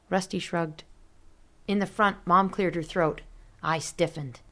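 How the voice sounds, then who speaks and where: A woman reading a story aloud as narrator in a steady, measured way. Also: lowish voice. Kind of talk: audiobook narration.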